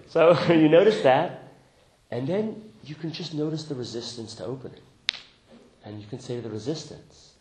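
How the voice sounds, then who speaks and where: A man teaching meditation to a group, speaking gently, laughing often, and growing lively when he tells a story. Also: mid-range voice, normal speed, echoey room, slight background noise, poor audio. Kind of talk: dharma talk.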